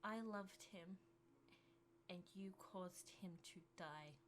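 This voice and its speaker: A grieving young woman lays out her accusation with slow, bitter weight, as a woman running the game voices her. Her tone stays low and accusing throughout this tabletop scene. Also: a little hiss or hum.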